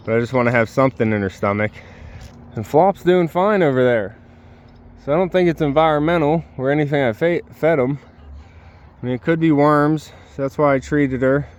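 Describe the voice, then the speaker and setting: A man vlogging from his homestead, talking softly and worriedly to a sick goat at the pen. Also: mid-range voice, lo-fi sound. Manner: soft, worried, talks gently to his goats. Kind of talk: casual vlog with animals.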